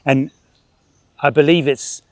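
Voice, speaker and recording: Sweating as he birdwatches in a park, a middle-aged man swats ants and bugs and narrates a casual vlog in a chatty, halting ramble. His voice sits on the high side, steady in tone and slow, with no room sound.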